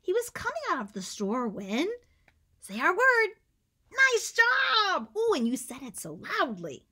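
Woman teacher, children's read-aloud; high, bright, very animated, unhurried. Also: slightly rough. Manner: animated, drops to whispers for suspense; coaxes listeners to join in. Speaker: teacher reading a picture book aloud.

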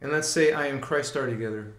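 A man's voice: mid-range voice, fast, fairly bright tone, roomy sound. A man hosting a live spiritual stream. He talks in a casual, slangy way and leads his listeners through chants and affirmations. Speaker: spiritual livestream host.

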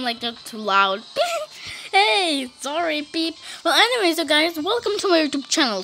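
A woman hosting a casual gaming video, giggly and excitable, playfully putting on little voices for characters. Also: sits high. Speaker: gaming channel host.

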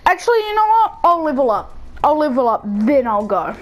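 A woman giving rambling, excitable live commentary over her own gameplay, bursting into shouts now and then. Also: high voice, moderate pace. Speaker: gaming channel host.

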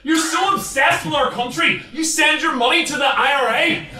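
A man with a Northern Irish accent, performing battle rap and shouting taunting lines with bursts of laughter. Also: very high voice, moderate pace. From Northern Ireland. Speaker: battle rapper. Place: large hall with a live crowd. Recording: echoey hall, distant mic, loud crowd.

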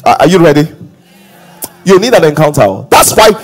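A middle-aged man preaching a sermon as pastor, telling stories dramatically and moving from hushed asides to shouted exhortations. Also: fairly high pitch, sing-song, moderate pace, soft background music.

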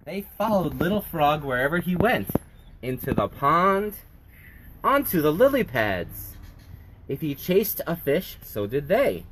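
Middle-aged male story-time host, reads to kids, bouncy and expressive, slightly high. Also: unhurried, a little hiss or hum. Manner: animated, sing-song, kid-friendly. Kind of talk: reading a picture book aloud to children.

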